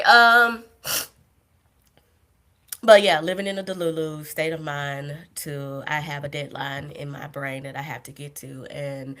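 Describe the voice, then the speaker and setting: On a casual solo livestream, a young woman podcast host talks in a low, deep-set voice that is still fairly bright, with vocal fry. She wanders from tangent to tangent, laughs often, and pokes fun at herself.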